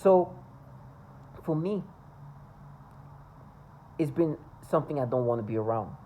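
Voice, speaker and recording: A woman talking to camera in a personal vlog monologue, earnest and insistent, often halting, repeating words and restarting sentences. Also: a bass voice, expressive, warm tone, a little hiss or hum, rough recording. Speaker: vlogger.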